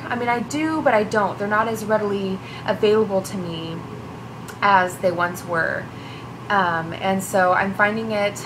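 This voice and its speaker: A young woman talking through her feelings in a personal vlog, halting and emotional, with many fillers and restarts. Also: mid-range voice, noisy background. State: tearful. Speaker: vlogger.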